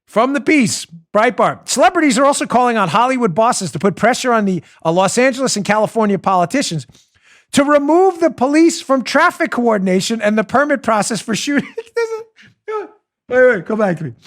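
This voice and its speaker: A middle-aged man hosting a political talk show, sarcastic and mocking, often breaking into loud theatrical ranting. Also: very high-pitched, very animated, a little fast. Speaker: host.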